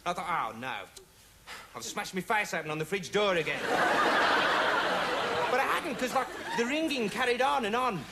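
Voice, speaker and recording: Kevin Turvey, a dim rambling lad. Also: male voice, high voice, lively intonation, moderate pace, pauses often, over a noisy crowd. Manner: rambling, digressive, full of "you know" and "right". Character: dim rambling young man posing as investigator. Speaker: comic character monologue. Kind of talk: 1980s TV sketch comedy monologue. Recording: noisy early 1980s TV audio with loud studio audience laughter.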